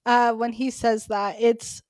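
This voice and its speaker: A woman's voice: a little high, little pitch movement, slow, darkish tone, no room sound. A woman co-hosting a podcast, talking in a casual, chatty way with many "like" fillers. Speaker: podcast co-host. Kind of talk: casual chat.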